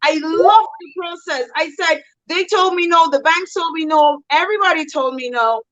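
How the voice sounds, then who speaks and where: A woman from Nigeria, a realtor and interview guest, telling her life story in an emphatic, lively way and acting out what people said. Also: very high voice, moderate pace, dull audio. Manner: emphatic, lively storyteller who acts out quotes.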